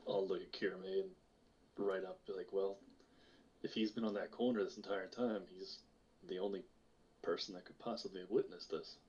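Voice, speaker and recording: A man playing a tabletop role-playing game, asking questions and reading aloud the notes his character writes. His voice is low, and it comes through a dull, lo-fi mic. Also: fairly even intonation, moderate pace, a little mellow. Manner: questioning, reads out written notes. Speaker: player. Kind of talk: tabletop role-play chat.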